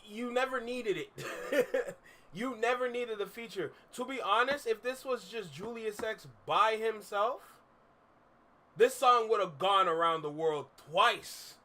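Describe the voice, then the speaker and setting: Streaming casually from his room, a young man with a high-pitched, pushed, bright voice reacts to music. He talks candidly and rambles, repeating himself with lots of fillers.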